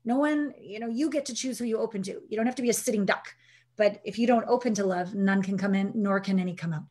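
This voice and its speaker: A woman with a mid-range voice talks fast as a guest in a conversational interview. She's an intimacy coach and an animated storyteller who acts out the quotes of the people in her stories.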